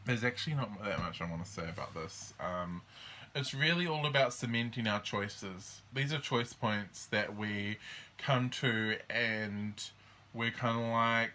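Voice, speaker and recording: A man's voice: medium pitch, animated, sharp tone, slight background noise. A man hosting a casual astrology walkthrough, rambling and hesitant with many ums and restarts. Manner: acts out the signs in quick quoted voices. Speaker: astrology host.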